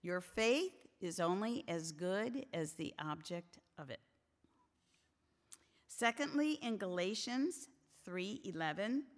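A woman's voice: mid-range voice, a bit bright. A woman teaching a Bible study to a group of women, earnest and emphatic as she preaches. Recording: long hall reverb.

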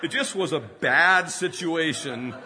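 A man's voice: a little high, animated, slow pace, sharp tone, a little hiss or hum. A man in his fifties preaching a sermon, telling humorous self-deprecating stories and often laughing mid-sentence. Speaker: pastor.

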